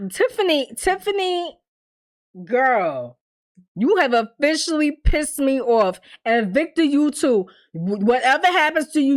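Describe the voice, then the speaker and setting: A woman's voice: sits high, a bit bright. A woman hosting a casual TV episode recap, talking straight to her viewers in an emphatic, exasperated way and swearing freely.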